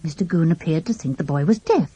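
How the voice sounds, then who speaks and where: Storybook narrator, woman, animated reading, mellow husky tone. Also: deep voice, fast talker, dry recording, poor audio. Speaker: audiobook narrator.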